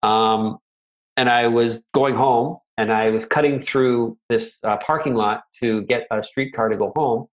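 A man's voice: mid-range voice, fairly even intonation, measured pace. Rambling middle-aged man, dull audio. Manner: rambling, self-deprecating storyteller with many restarts. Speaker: martial arts instructor, guest. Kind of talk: casual interview chat.

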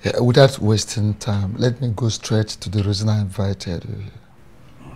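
A halting, husky prime minister. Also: male voice, lowish voice, steady tone, a little mellow. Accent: Nigerian. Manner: halting, probing, repeats himself. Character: scheming male prime minister of a kingdom.

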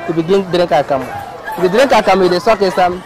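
Nigerian male storyteller, high voice, comic and animated, outdoor crowd behind. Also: fast, low-quality recording. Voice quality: animated, mimics characters. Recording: outdoor crowd and street noise.

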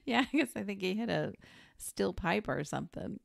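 A woman's voice: mid-range voice, animated, normal speed, creaky, no room sound, studio quality. A woman co-hosting a podcast, chiming in and laughing while discussing a movie plot. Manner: laughs often, chimes in. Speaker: podcast co-host. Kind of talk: casual film recap chat.

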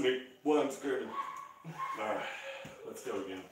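A man leading a live-streamed arm wrestling session, chatting casually, laughing often and shouting during matches. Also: mid-range voice, moderate pace, a little hiss or hum. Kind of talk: casual live-stream chat while training. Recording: echoey room from far off.

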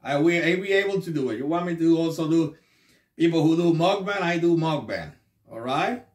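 Halting man vlogging in an echoey room. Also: fairly high pitch, animated, far from the mic. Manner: halting, repeats words, trails off softly. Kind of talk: casual chat to camera.

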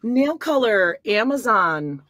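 A woman's voice: a little high, sing-song, slow, fairly bright tone, no room sound, studio quality. A woman co-hosting a podcast live from home, chatting playfully and gossiping. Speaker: podcast co-host. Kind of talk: casual chat on a live stream.

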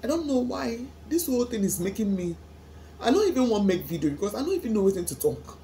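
A woman's voice: mid-range voice, big pitch swings, quick pace, warm tone. Woman, Nigerian accent, tearful, sighing, pleading questions, emotional vlog, faint background noise. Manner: pleading, asks God questions over and over. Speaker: vlogger.

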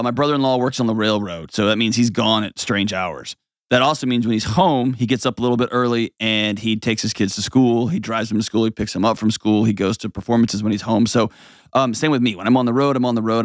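Blunt, animated male advice host. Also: on the low side, no echo, studio quality. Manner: emphatic, animated, blunt, mocking voices. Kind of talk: advice show chat. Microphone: studio mic.

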